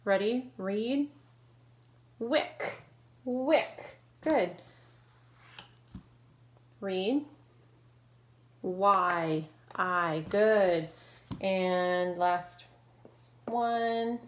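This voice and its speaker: A woman teacher leading an online phonics lesson, modeling sounds clearly and slowly and praising her students. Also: medium pitch. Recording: echoey room with faint noise.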